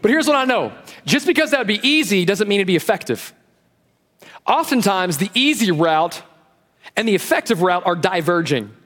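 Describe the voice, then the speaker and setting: Pastor, male, high voice, animated sermon delivery, long church reverb. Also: moderate pace. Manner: lively and animated, acting out quotes. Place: church sanctuary.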